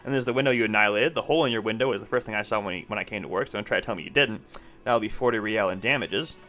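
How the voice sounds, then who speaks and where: A man's voice: lowish voice, bright, forceful tone. A man reading as a huffy cafeteria manager. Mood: brisk. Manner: huffy, quick to argue. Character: irritable male cafeteria manager, defensive.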